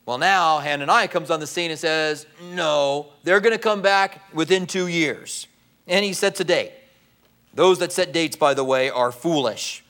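Male pastor, middle-aged, lively conversational sermon delivery, a little high-pitched. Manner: conversational, animated Bible teaching with fillers.

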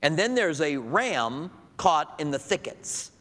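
A man's voice: fairly high pitch, very animated, slow pace, a bit bright. A man preaching a sermon to his congregation in a conversational style, asking rhetorical questions. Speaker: pastor. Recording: long hall reverb.

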